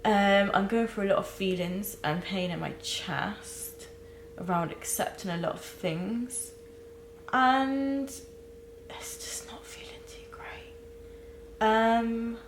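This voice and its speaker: A young woman recording a candid personal vlog, talking haltingly with many restarts and close to tears. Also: mid-range voice, roomy sound, a little hiss or hum, poor audio. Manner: halting, searching for words, many fillers and restarts. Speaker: vlogger.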